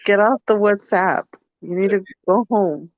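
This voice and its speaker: A woman's voice: medium pitch, dry recording. Female co-host, frank and teasing, stop-start delivery; dry, a bit muffled recording. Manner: frank, teasing, halting with restarts. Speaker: podcast co-host. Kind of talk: live podcast talk.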